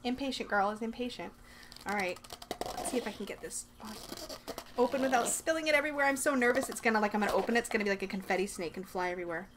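Excitable woman vlogger, fairly high voice, gushing unboxing chat, faint hiss behind. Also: very fast. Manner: excitable, gushing, talks to herself. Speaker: vlogger unboxing a subscription box. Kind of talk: casual unboxing chat to camera. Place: bedroom.

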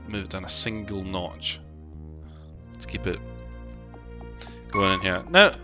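Game music plays as a London man streams, chatting in a rambling, jokey way, swearing casually and reading out chat. He has a low-pitched voice, a measured pace and frequent pauses.

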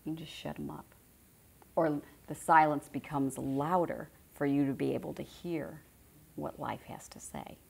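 A woman's voice: low voice, fairly even intonation, moderate pace, vocal fry, slightly rough. A middle-aged woman giving an informal spiritual teaching to a group, conversational and repeating phrases for emphasis.

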